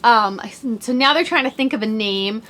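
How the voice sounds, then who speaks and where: A woman's voice: fairly high pitch, moderate pace, fairly bright tone. A woman in her thirties hosting a podcast, talking in a bubbly, chatty way and saying "like" a lot. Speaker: podcast host. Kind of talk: casual chat.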